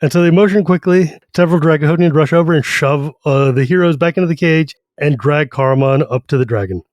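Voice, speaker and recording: A man's voice: fairly high pitch, no echo. A man co-hosting a podcast, animatedly retelling a fantasy novel in casual talk. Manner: animated, retells the story with quick character voices. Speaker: podcast co-host. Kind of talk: casual book discussion.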